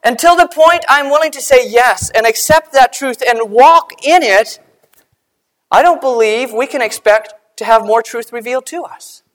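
A woman preaching a sermon, earnest and measured, slowing down and dropping quiet to stress a point. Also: on the high side.

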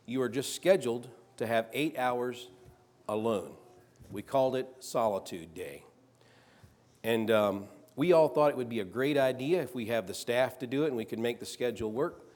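A man preaching a sermon, reading scripture aloud and rising louder on the quoted lines. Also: medium pitch, normal speed.

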